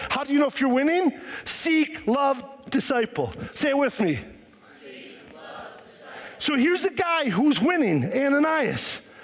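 A pastor with a very high, husky voice delivers his sermon to a church. His pitch jumps around lively as he questions the congregation and slips into acted voices. A long hall reverb trails behind every line.

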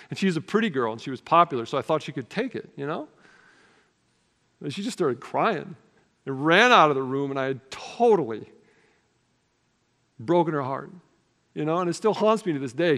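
A male pastor with a slightly high voice delivers a sermon in an earnest, conversational tone, slipping into casual fillers as he tells a personal story. His voice rings out with a long reverb, like a big church hall. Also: animated, a little fast, long pauses, a bit bright.

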